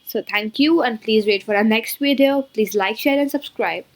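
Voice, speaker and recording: A woman's voice: a little high, normal speed. A woman giving a beginner coding tutorial, explaining step by step and line by line. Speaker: programming tutor.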